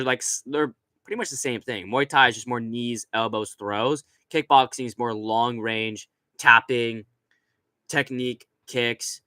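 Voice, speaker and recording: A man's voice: medium pitch, pushed and bright, no room sound. A young adult man hosting a live stream, rambling crudely in casual chat, laughing often and reading out chat messages. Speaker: streamer host.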